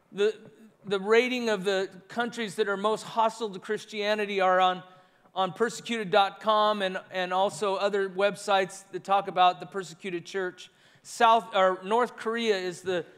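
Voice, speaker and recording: A man's voice: sits high, fairly bright tone, clean tone. A man preaching a sermon as pastor, earnest and repetitive in his phrasing. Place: church sanctuary. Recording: long reverb of a large church hall.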